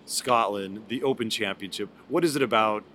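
A man's voice: lowish voice, moderate pace, a bit bright, a little hiss or hum. A man hosting a podcast, chatting casually in a wry, teasing way. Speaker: podcast host. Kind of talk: casual chat.

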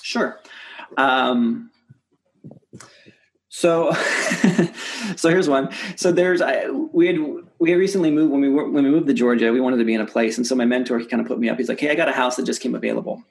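A man, a real estate investor, telling deal stories in a casual interview, restarting sentences and acting out quoted dialogue in a lively way. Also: moderate pace, creaky. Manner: animated, acts out quoted dialogue with rising pitch; many restarts and repeated words.

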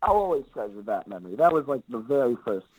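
An easygoing male actor chatting in an interview, his speech loose and rambling, full of filler words. His voice sits in an ordinary middle pitch. The recording is dry, with no room echo. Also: sing-song, fast talker, husky, phone-quality sound. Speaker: actor guest. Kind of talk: casual interview chat.

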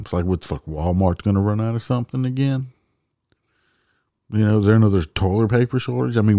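Low-voiced, profane cop ranting. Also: male voice, a little fast, warm tone, dry recording, clean studio sound. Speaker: traffic police officer. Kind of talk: casual storytelling monologue.

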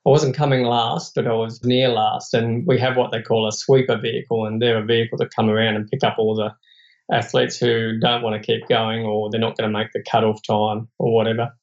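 A man's voice: medium pitch, little pitch movement, a little fast, lo-fi sound. An Australian man, a podcast guest, telling a personal story in an earnest, reflective, plain-spoken way.

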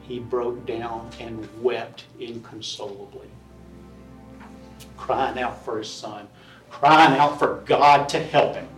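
A man defense attorney making a closing argument to a jury with forceful, repetitive persuasion. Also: medium pitch, steady tone, slow pace, faint music behind. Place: courtroom. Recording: roomy distant courtroom audio.

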